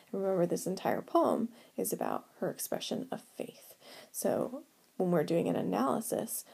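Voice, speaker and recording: Slow, gravelly-voiced woman teaching. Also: medium pitch, dark tone. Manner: patient, explains step by step. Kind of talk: recorded whiteboard lesson.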